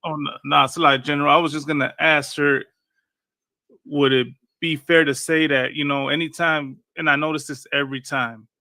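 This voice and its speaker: Bright, dry-voiced man asking haltingly. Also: on the high side, little pitch movement, dry recording. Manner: hesitant, many fillers and restarts before his question. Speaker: livestream participant. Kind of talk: casual question on a group stream. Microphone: video call.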